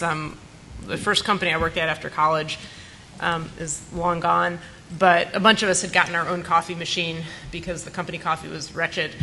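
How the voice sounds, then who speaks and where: Blunt, bright-voiced woman telling stories. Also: fairly low pitch, slight background noise, rough recording. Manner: lively, blunt and animated anecdote-telling. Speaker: panelist. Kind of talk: storytelling on a conference panel. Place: conference panel room.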